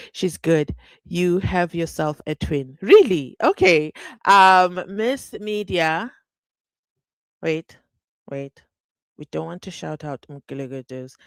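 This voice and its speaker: A woman's voice: low voice, dry recording. A woman hosting a live stream, chatting animatedly and reading viewer comments aloud. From South Africa. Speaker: livestream host.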